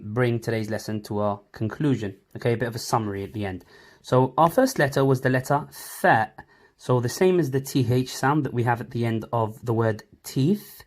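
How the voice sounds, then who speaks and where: Patient male Arabic teacher. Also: mid-range voice. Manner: patient, encouraging, repeats sounds slowly for learners. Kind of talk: online language lesson, drawing on a board.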